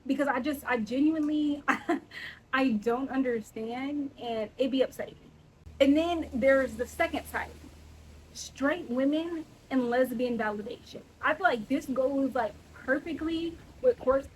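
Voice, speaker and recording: A woman's voice: sits high, a little mellow, slight background noise, low-quality recording. A young adult woman hosting a casual solo podcast, talking in a blunt, sassy and playfully indignant way. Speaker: podcast host.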